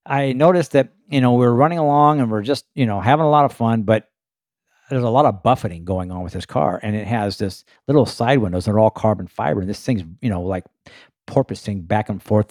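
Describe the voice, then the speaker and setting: A man with a lowish voice tells a racing story in a loose, chatty way, full of fillers and vivid sound effects. The recording is dry and close, with no room around him. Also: no echo. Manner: animated anecdote-telling with frequent fillers. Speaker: race car driver guest. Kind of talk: casual storytelling.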